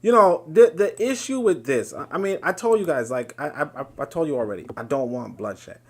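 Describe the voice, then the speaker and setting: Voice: mid-range voice, sing-song, fairly quick. Blunt, sarcastic commentator. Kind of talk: reacting to a played clip.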